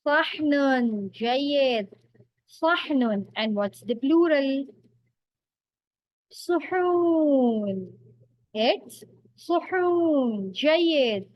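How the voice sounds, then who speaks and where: A woman teacher quizzes beginners on vocabulary at a very slow, drawn-out pace, her voice sitting a little high. The sound is close and dry, with a dull, slightly lo-fi tone. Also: animated, no echo. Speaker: language teacher. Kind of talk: vocabulary quiz lesson.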